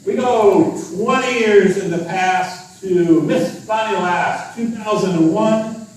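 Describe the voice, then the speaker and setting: A man's voice: high-pitched, takes it slowly. A man emceeing an event in a folksy way, introducing acts and telling an old joke. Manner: folksy, chuckling at his own joke. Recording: echoey hall from far off.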